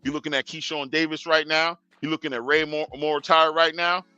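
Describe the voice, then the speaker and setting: A man's voice: a little high, flat delivery, fairly quick, bright, forceful tone, clean tone, no room sound, highs cut off, faint music behind. A young man hosting a boxing talk stream in casual street slang, lecturing fighters directly and chuckling. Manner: slangy, talks straight to fighters, chuckling asides. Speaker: boxing show host.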